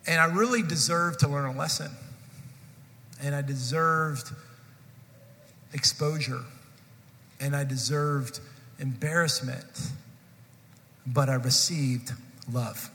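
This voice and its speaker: Man, pastor, sermon, storytelling with humor, lively bright tone, reverberant church. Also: on the high side, takes it slowly, pauses often. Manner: storytelling with humor, addressing the congregation. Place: church sanctuary. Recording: long hall reverb.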